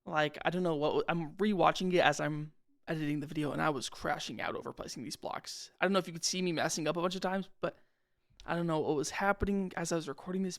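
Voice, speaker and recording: A man's voice: fairly high pitch, creaky. A young man giving casual, rambling commentary over his own game footage, slangy and self-deprecating. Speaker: gaming channel host.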